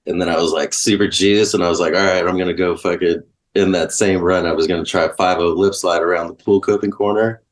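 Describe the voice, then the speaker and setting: A man telling stories in a relaxed, casual way, swearing freely and saying "like" a lot. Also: deep voice, brisk. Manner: laid-back, swears freely, lots of likes. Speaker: guest. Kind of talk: casual storytelling.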